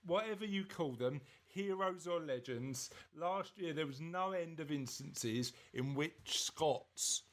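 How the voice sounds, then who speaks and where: A man's voice: a little high, slow, few pauses, a bit bright. A man from southeast England co-hosting a podcast, chatting casually and reading news aloud in a jokey way that stumbles over words. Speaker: podcast co-host.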